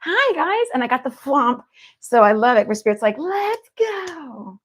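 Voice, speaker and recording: A woman's voice: a little high, very animated, brisk, fairly bright tone. A woman, an evidential medium, chatting casually and effusively with viewers as she hosts a livestream. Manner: effusive and upbeat, repeats affection to the audience.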